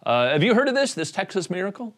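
Jokey, stammering man host, slightly high voice. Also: big pitch swings. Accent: Indiana. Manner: jokey, halting with many restarts. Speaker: comedian host. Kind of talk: comedic interview.

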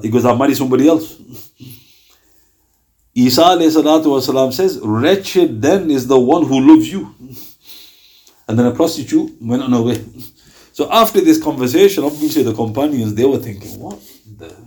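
A man preaching to a small gathering in a mosque, telling stories in a conversational, animated way. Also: mid-range voice, fairly quick, pauses often. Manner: conversational, animated storytelling with quoted voices.

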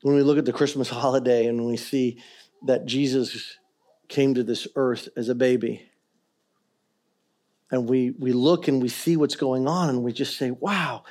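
A middle-aged man preaching a sermon as pastor, swinging between quiet earnest stretches and loud, impassioned ones. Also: mid-range voice, fairly even intonation, normal speed.

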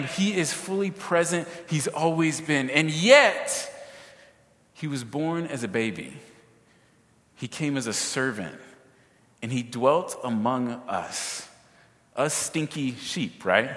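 A man delivers a sermon with energy, often turning to the congregation with quick asides and questions. His voice sits a little high for a man. The sound carries a long reverberant tail, as in a large hall. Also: pushed and bright. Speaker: pastor.

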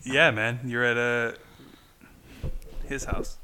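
A man's voice: medium pitch, flat delivery, slow, bright, forceful tone, slight background noise. A man co-hosting a casual chat at a house, trading crude jokes.

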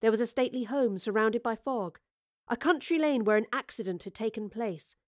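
A woman giving scripted audiobook narration of a story in a measured, vivid storytelling manner. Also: a little high, no room sound, clean studio sound.

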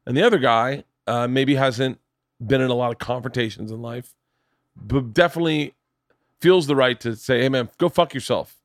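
On a dry, studio-quality recording, a middle-aged man hosts a podcast and spins stories in casual conversation, animatedly performing the people he quotes. He speaks at a normal speed in a medium-pitched voice.

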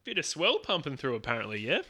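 A man's voice: a little high, huge pitch swings, quick pace, sharp tone. A man co-hosting a podcast, laid-back and teasing in casual chat. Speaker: podcast co-host.

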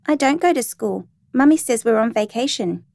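Woman voicing a little girl, six, cheerful, high chirpy voice, lively, dry close recording. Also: moderate pace, no echo. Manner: high, bright, chattering child voice. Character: cheerful six-year-old girl on a beach.

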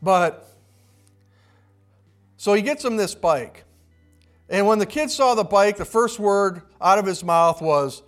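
A man's voice: sits high, expressive, slow, long pauses, soft background music. A male pastor preaching a sermon, telling a story with acted-out quotes and some restarts.

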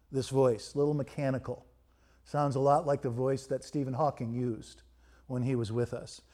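Guy preaching, kinda high voice, tells stories, goes loud then real soft. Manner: storytelling, dramatic swings between loud and quiet. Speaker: pastor. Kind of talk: sermon.

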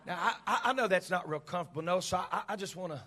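A man doing a hushed, coaxing false prophetess. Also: high voice, very fast, voice pushed down. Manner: hushed, soft, wheedling with stammered repeats. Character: sweet-talking false prophetess woman, coaxing and soothing. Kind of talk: preaching with acted illustration.

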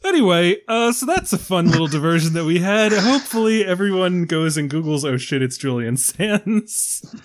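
A man's voice: high-pitched, big pitch swings, brisk, hardly any pauses. A man hosting a film podcast in casual chat, joking and laughing often. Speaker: podcast host.

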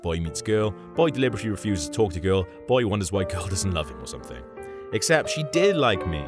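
A man's voice: sits low, very animated, fast talker. A man telling a self-mocking story about a school crush in a wry, comic way. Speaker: podcast co-host. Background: music.

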